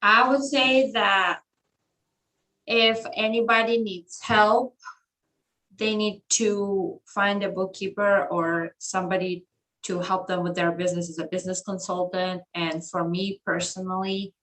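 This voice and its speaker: A woman's voice: mid-range voice, fairly even intonation, measured pace, fairly bright tone, poor audio. A woman on a business mastermind video call, giving her takeaway in a plain, matter-of-fact way. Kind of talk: answering on a group video call.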